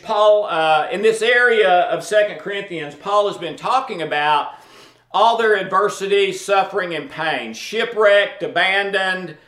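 High-voiced man teaching scripture slowly. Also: fairly bright tone, echoey room. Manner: conversational, checks in with "okay?" and "all right?". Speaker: Bible teacher. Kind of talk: informal Bible teaching.

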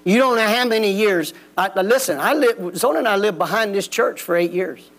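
A man's voice: high voice, fairly quick, a bit bright. A man preaching a folksy, plain-spoken sermon in a church. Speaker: pastor. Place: church sanctuary.

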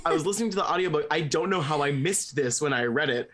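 A woman's voice: fast talker, a little hiss or hum. A young woman chatting casually about a book with friends, laughing often and talking animatedly. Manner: animated, laughs often, dramatic swings in pitch. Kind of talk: casual book-club chat.

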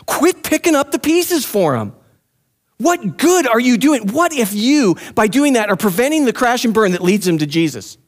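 A man preaching a passionate, pleading sermon, who drops to a soft, low voice when he prays aloud. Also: very animated, normal speed. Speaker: pastor.

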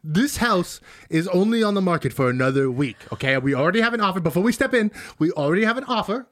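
A man improvising a pushy, fast-talking male realtor with a put-on New Mexico accent, rushing and interrupting. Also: high voice, expressive, a bit bright. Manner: rapid, salesy, interrupting.

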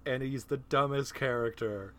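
A man hosting a casual podcast talk about movies, animated and laughing, with profane asides. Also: medium pitch, moderate pace. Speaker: podcast host. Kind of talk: casual film discussion.

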